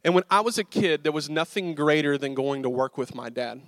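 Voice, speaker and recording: A man's voice: on the high side, brisk, no echo, studio quality. A young man, a pastor telling a self-mocking story from the pulpit and joking with his audience. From American South. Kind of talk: storytelling sermon. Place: church sanctuary.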